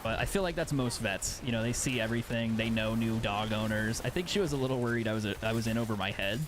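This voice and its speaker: A young man talks into his streaming mic at home while playing a game. His voice sits a bit low, and his tone is sarcastic and loose with profanity. A faint hiss runs underneath. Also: fast talker. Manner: sarcastic, swears casually. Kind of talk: casual chat while gaming live.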